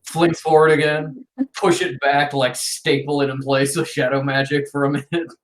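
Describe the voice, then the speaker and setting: A woman's voice: low voice, steady tone, moderate pace, echoey room. A woman narrating a tabletop game as game master, talking loosely with many fillers.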